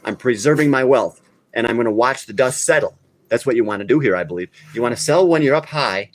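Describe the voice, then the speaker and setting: A man's voice: medium pitch, animated, fast. A man hosting a live crypto talk stream, talking casually and bluntly, getting worked up and scolding his viewers. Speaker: crypto channel host.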